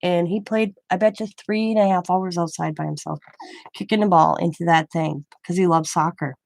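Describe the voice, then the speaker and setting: Older woman, gravelly, rambling chat. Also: on the low side, fairly even intonation, normal speed, darkish tone, no echo. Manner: rambling storytelling with restarts. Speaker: craft vlogger. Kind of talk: casual chat.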